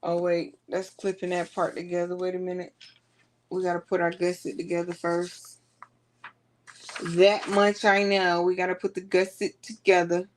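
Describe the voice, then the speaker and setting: A woman's voice: fairly low pitch, flat delivery, moderate pace, a little hiss or hum. A woman, chatting casually to her viewers as she works through a sewing tutorial. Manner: chatty, talks to viewers while working. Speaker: sewing vlogger.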